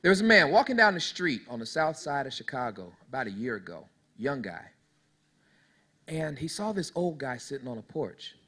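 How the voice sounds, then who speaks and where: A man in his thirties gives a motivational speech to young people, telling folksy stories and leading call-and-response while speaking straight to the audience in a preachy way. His mid-range voice is sing-song, bright and forceful, slightly rough, at normal speed.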